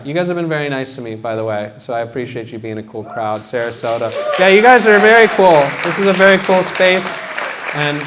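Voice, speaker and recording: Deadpan young comedian, higher voice. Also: male voice, slight background noise. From Washington, D.C. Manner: deadpan, halting delivery with acted-out quotes. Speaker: stand-up comedian. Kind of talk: stand-up comedy set. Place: art gallery venue with live audience.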